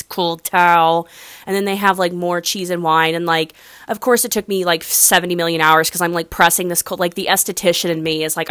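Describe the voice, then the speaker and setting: A young woman rambles through a personal story in a chatty, animated way, leaning on fillers. Her voice sits a little low for a woman. The recording is close and dry with no room sound. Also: dry recording. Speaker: vlogger. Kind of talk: casual storytelling monologue.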